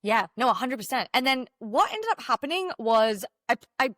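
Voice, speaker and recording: Animated higher-voiced woman telling her story. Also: moderate pace, dry recording, clean studio sound. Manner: animated, emphatic storytelling that acts out her own past thoughts. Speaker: guest, mindset mentor and former dancer. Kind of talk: casual podcast interview.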